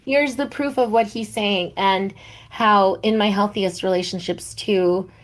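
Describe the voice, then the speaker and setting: Podcast lady, warm and reflective, telling her own stories. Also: medium pitch. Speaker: podcast co-host. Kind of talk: heartfelt podcast conversation.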